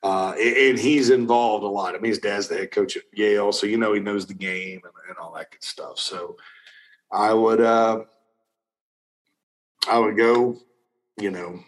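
A man's voice: lowish voice, low-quality recording. A middle-aged man hosting a casual talk show, answering viewer questions in a rambling way with many restarts and fillers. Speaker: recruiting analyst host.

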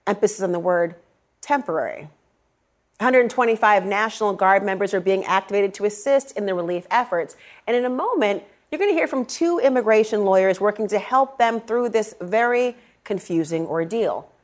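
A woman's voice: medium pitch, animated, normal speed. Sarcastic middle-aged woman anchoring the news. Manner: pointed and sarcastic, stretching key words. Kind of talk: evening news commentary.

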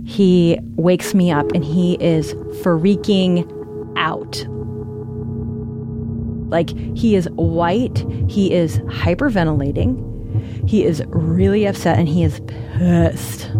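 A woman's voice: fairly low pitch, slow pace, music in the background. A woman telling her own story in a casual, conversational way, with frequent fillers. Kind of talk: personal storytelling.

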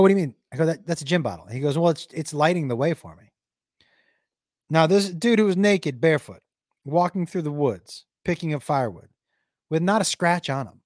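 A man telling a wild stand-up story to a crowd, swearing freely and swinging between loud bursts and near-whispers. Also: high-pitched, dry recording, studio quality. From Texas. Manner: animated, profane, swings loud and quiet.

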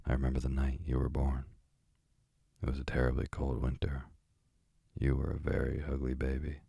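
A man voicing a talkative old female parrot in a calm, slow bedtime story reading. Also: very deep voice, gravelly, breathy edge, no room sound, clean studio sound, full character voice. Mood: chatty.

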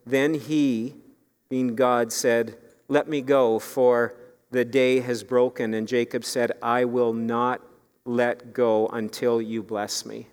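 A man's voice: mid-range voice, a little mellow, long reverb tail. A man preaching a sermon as pastor, earnest and building to pleading emphasis.

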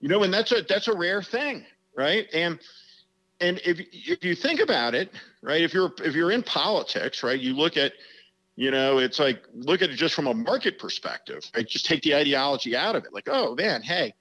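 A man's voice: on the high side, lively intonation, normal speed, pushed and bright, low-quality recording. A man with a Mid-Atlantic American accent, a political commentator talking as an interview guest, rambling and tagging his points with "right?". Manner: rambling, fills with "right?" and "you know". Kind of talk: casual interview.

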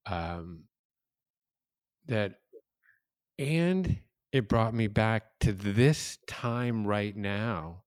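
Middle-aged male host, very low and smooth, reflective and unhurried, dry close-mic sound. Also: expressive, no room sound. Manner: slow, reflective, hesitant. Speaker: podcast host. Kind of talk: casual conversation.

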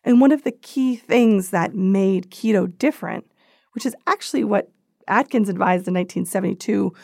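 A woman guest explains things in a relaxed, conversational way. Her voice has a gravelly, fried edge, and the recording is close and dry. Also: medium pitch, dry recording. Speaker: expert guest. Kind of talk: interview answers.

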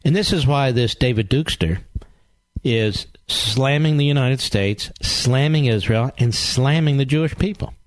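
A man's voice: mid-range voice, a little slow, no echo. A man hosting a political talk show, delivering a combative, sarcastic monologue full of rhetorical questions and repetition.

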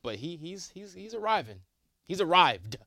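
Male sports co-host, agreeable and measured, fairly high and lively voice. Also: no room sound, clean studio sound. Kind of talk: casual sports debate.

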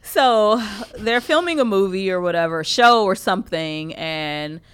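A woman's voice: mid-range voice, unhurried, clear, resonant tone. A woman co-hosting a casual chat, telling stories with lots of laughter and swearing. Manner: laughing, swearing, animated storytelling. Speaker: podcast co-host.

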